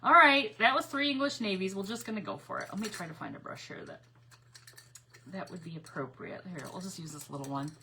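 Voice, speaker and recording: A woman's voice: on the low side, brisk, background noise. A woman chatting casually with viewers as she paints on a craft livestream, reading their comments aloud.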